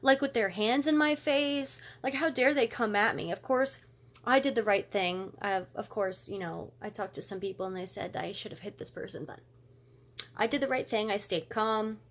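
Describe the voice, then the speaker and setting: A woman's voice: mid-range voice, moderate pace. A woman vlogger telling a story as a casual rant, fired up and blunt, with cursing.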